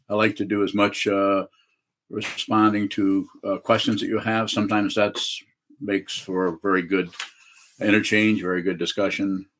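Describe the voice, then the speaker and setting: A man teaching as a Zen teacher on a video call, answering questions in a halting way with many fillers and restarts. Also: on the low side, fairly bright tone.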